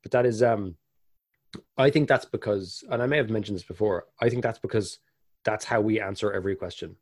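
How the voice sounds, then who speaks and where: A man with an Irish accent chatting casually on a podcast, telling stories and slipping into animated impressions. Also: fairly low pitch, a little fast, slightly rough, no room sound, studio quality. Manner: animated storyteller, bursts into lively impressions. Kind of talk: casual conversation.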